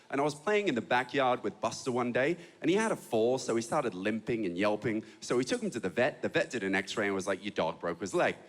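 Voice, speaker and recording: A young man from Hong Kong and Australia telling stories in a punchy stand-up comedy set on a club stage. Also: medium pitch. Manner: animated storytelling, punchy delivery.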